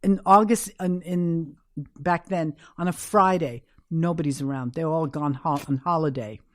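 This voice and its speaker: An older woman from New York, a podcast guest, recounting memories in an animated, emphatic way. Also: low-pitched, normal speed, no room sound, studio quality. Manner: animated, emphatic, acts out quotes. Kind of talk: casual storytelling interview.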